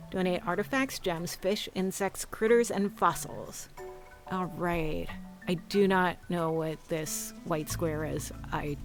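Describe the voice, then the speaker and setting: A woman streamer giving casual gameplay commentary, chatting and reading game dialogue aloud. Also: mid-range voice.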